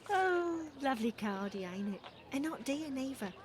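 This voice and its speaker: A woman's voice: high-pitched, lively intonation, moderate pace. An actress voicing a chatty working-class London street woman, in noisy game audio. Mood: chirpy.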